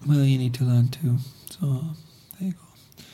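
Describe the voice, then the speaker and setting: A man's voice: medium pitch, a little slow, dark tone, slight background noise. A young man with a cold, co-hosting a podcast in casual, sweary, bickering chat. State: has a cold, sniffly. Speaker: podcast co-host.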